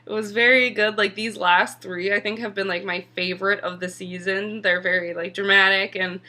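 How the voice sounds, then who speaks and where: A woman's voice: medium pitch, fairly even intonation, moderate pace, bright, forceful tone. A young woman casually recapping a TV episode, chatty and full of "like" fillers, sometimes swearing. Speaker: TV episode reviewer.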